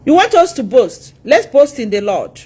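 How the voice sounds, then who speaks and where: A woman with a Nigerian accent speaks live to her followers in a scolding, preacher-like manner. Her voice sits a bit high and swings widely up and down. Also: sing-song, moderate pace, a little mellow, breathy edge. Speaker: religious livestreamer. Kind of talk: live social media talk.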